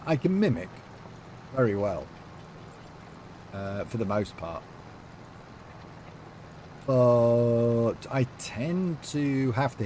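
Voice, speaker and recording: A man's voice: on the low side, darkish tone, slight background noise. A man streaming a farming game, chatting loosely with viewers and reading their messages aloud, with lots of fillers. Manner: rambling, reads chat aloud, many fillers. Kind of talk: casual livestream chat.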